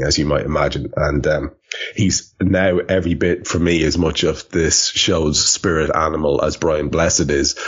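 A man's voice: extremely low pitch, husky. A man hosting a podcast in casual chat, rambling with lots of fillers and swearing. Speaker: podcast host. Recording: dull lo-fi podcast audio.

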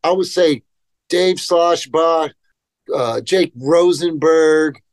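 A man's voice: fairly high pitch, slow pace, no room sound. A man telling skateboarding stories in a casual podcast interview, rambling and profane, acting out quotes. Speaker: guest, professional skateboarder.

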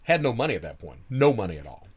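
A man's voice: fairly low pitch, sing-song, fast talker, breathy edge. A man telling his own story in a casual, wry way, laughing now and then and swearing freely.

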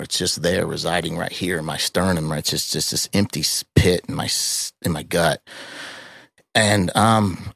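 Deep gravelly middle-aged man, halting and raw. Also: fairly bright tone, dry recording, studio quality. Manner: raw, halting, swears often, with many restarts and fillers. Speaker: podcast guest. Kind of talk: emotional personal storytelling.

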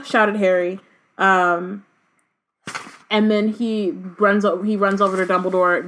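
A woman's voice: medium pitch, level tone, unhurried, long pauses, fairly bright tone. A woman co-hosting a book podcast, reading passages aloud and chatting casually with lots of fillers. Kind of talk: casual chat and read-aloud.

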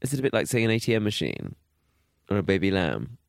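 A man's voice: fairly low pitch, sing-song, fast talker, creaky, no echo, studio quality. A man co-hosting a podcast in a playful, teasing way. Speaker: podcast co-host. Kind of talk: casual chat.

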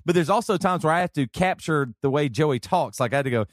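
A man with a Southern accent hosting a podcast, talking in a rambling, excitable way and laughing often. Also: a little high, quick pace, no echo, studio quality. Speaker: podcast host. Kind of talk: casual chat.

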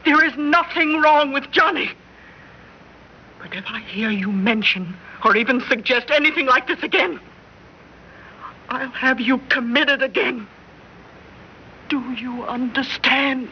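An actress playing a calm but firm middle-aged mother in a 1950s radio drama. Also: fairly high pitch, unhurried, long pauses, husky. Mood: worried. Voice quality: soothing yet firm. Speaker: mother and wife. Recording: dull old radio broadcast with hiss.

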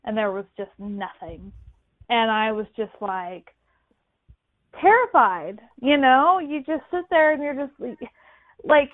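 Woman, higher voice, animated storyteller, tinny phone-line sound, dry. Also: takes it slowly. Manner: animated, acts out quoted voices. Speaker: caller. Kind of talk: storytelling in casual chat.

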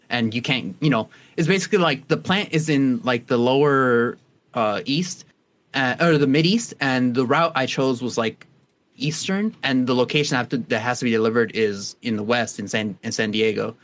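Young man, podcast co-host, casual rambling chat, mid-pitched voice. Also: normal speed, fairly bright tone. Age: young adult. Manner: rambling, lots of fillers and restarts.

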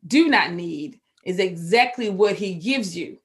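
A woman's voice: fairly low pitch, lively intonation, a little slow. Candid Texan woman telling her story. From Texas. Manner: candid, emotional storytelling with sudden loud outbursts. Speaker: guest. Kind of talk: personal recovery story.

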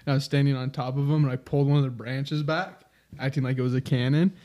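A man's voice: mid-range voice, steady tone, quick pace, mellow. A man co-hosting a podcast, telling stories casually and laughing as he goes. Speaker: podcast co-host. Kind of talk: casual storytelling chat.

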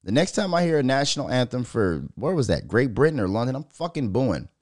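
A man from Minnesota hosts his own podcast solo, swearing freely as he riffs on whatever comes to mind. His voice sits in a middle range and sounds dry and close, with no room around it. He slides from easy chat into animated rants. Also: mid-range voice, fairly quick, dry recording. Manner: profane, animated, riffing and ranting. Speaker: podcast host. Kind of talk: casual solo podcast rant.

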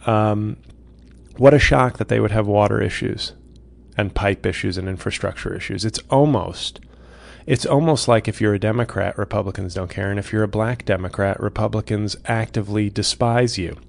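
A man's voice: on the low side, moderate pace, vocal fry. A man hosting his own comedy podcast, delivering a profane, sarcastic rant with frequent restarts.

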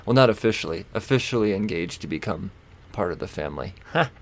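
A man with a low, gravelly voice hosts a solo podcast in a loose, rambling way. He fills gaps with ums, swears freely and pokes fun at himself as he goes. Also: expressive, fast. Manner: rambling, self-mocking, swears, frequent fillers and laughs. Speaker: podcast host. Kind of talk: casual solo comic-book podcast chat.

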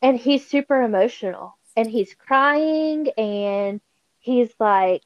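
A woman's voice: a little high, slow, dry recording, rough recording. A woman guest on a podcast, telling stories animatedly and acting out the people she quotes, in a casual faith conversation. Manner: animated storytelling with quoted voices.

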